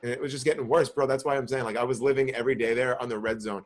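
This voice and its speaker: A man's voice: mid-range voice, steady tone, very fast. Rambling, cursing man telling stories. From New York area. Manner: profane, rambling storytelling with many restarts. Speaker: podcast co-host. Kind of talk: casual chat.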